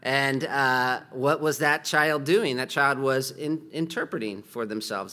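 An unhurried middle-aged man with a bright, forceful mid-range voice and few pauses teaches as a pastor. His sermon-style delivery is conversational, full of restarts and acted-out quotations.

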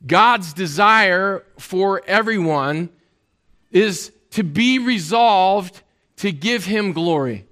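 A man's voice: high-pitched, animated, takes it slowly, bright, forceful tone. A man preaching a sermon as a pastor, in a conversational way with many fillers.

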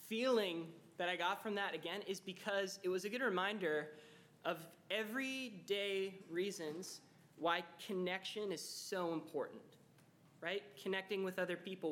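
A man's voice: sits high, a bit bright. Chatty young man giving a casual talk. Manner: chatty, with many fillers; acts out quoted dialogue in storytelling. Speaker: speaker addressing students.

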